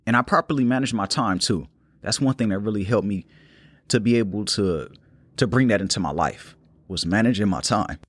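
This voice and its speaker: A young man hosting a solo podcast, talking in a calm, unhurried, reflective way. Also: fairly low pitch, slightly rough, no echo, studio quality. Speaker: podcast host. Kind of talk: casual solo podcast talk.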